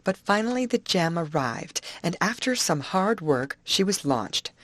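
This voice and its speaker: A woman reading an adventure audiobook with expressive storytelling. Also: fairly low pitch, measured pace, no echo. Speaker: audiobook narrator.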